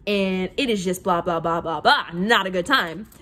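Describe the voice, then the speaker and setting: A woman casually reviewing books in a vlog, gushing and excitable, with lots of "like" fillers. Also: fairly low pitch, moderate pace. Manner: gushing, excitable, heavy use of "like". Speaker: book reviewer.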